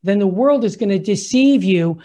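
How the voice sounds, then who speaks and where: Excitable man hosting a Catholic talk show. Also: high voice, normal speed. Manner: excitable storyteller, gets carried away. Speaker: radio host.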